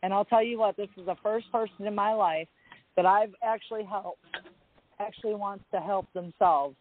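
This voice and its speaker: A woman's voice: mid-range voice, normal speed. A woman calling in to a live talk show, talking bluntly and with emphasis. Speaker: caller. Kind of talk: casual call-in talk. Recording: dry tinny phone line.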